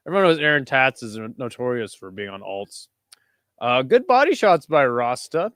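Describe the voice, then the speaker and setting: A man hosting a live watch-along of a kickboxing event. He talks casually and swears a lot, breaking into excited shouts at big moments. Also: mid-range voice, dry recording, studio quality. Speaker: host.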